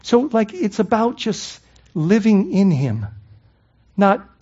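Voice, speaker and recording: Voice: medium pitch, big pitch swings, takes it slowly, warm tone, husky, muffled recording. A pastor preaching a sermon in a conversational way, asking the congregation rhetorical questions and often adding "I mean" and "right?".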